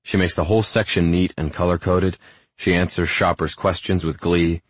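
A man narrating a first-person romance novel in a calm, measured way. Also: sits low, dry recording. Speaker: audiobook narrator.

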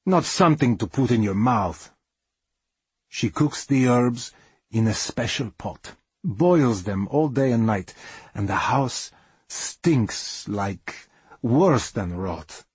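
A middle-aged man telling a dramatic first-person story in plain, non-native English, dropping articles, with a measured, wry delivery. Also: medium pitch, animated, breathy edge, no echo.

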